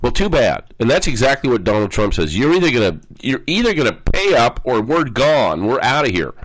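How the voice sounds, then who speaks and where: A man's voice: mid-range voice, very animated, brisk, dry recording, poor audio. A man hosting a political talk radio show, rambling with many fillers and repeated words and rising into emphatic bursts. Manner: rises into emphatic, louder bursts.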